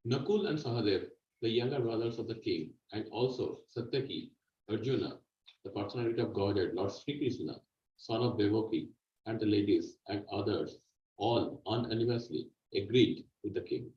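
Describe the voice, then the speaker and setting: A man in a scripture class reading a translation aloud in a plain, steady way. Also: on the low side, normal speed, distant mic. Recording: roomy, dull-sounding recording.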